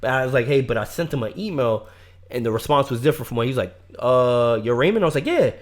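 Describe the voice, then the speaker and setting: Animated profane New storyteller man. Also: fast talker. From Brooklyn, New York. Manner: animated, profane, swings from low mutters to loud outbursts. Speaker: podcast co-host telling a story. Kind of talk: casual storytelling chat.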